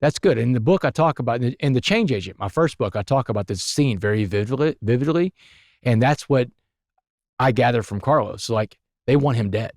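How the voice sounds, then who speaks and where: A man, a podcast guest telling his story in an animated, emphatic way. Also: mid-range voice, brisk, dry recording, clean studio sound. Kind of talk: storytelling interview.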